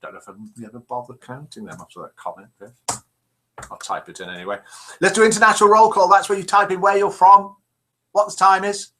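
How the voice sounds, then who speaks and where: A man's voice: high voice, animated, a little fast, pushed and bright. An older man hosting a live chat stream, reading out viewers' messages in a chatty, self-deprecating way with many "uh" fillers. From England. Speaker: host of a live chat show.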